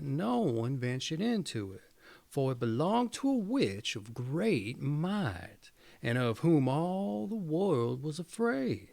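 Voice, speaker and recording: A man reading a fairy tale aloud in an expressive, swooping storytelling manner. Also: a little high, vocal fry.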